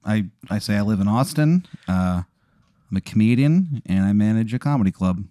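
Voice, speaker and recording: A man's voice: lowish voice, animated, moderate pace, mellow, dry recording, studio quality. A man who works as a comedian, chatting casually with a wry, amused, questioning manner. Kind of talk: casual chat.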